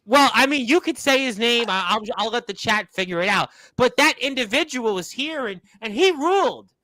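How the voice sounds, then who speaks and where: A man hosts a wrestling talk show and rambles along folksily, stumbling over repeated words. His voice sits unusually high and sounds bright and forceful. The sound is dry and close. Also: lively intonation, moderate pace, no room sound, low-quality recording. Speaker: radio show host.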